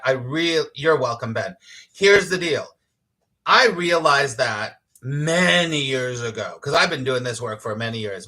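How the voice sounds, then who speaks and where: A man hosting a casual spiritual talk, reading comments from his audience, emphatic and quick to laugh, sometimes swearing. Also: a little high. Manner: animated and emphatic, laughs easily, acts out inner voices. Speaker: spiritual teacher hosting a live morning show.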